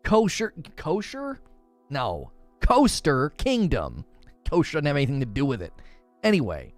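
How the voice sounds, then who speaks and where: A man's voice: medium pitch, wildly swooping pitch, unhurried, no room sound, faint music behind. A young man from Northern Ohio, a gaming streamer, chatting casually with his live chat, teasing viewers and laughing often.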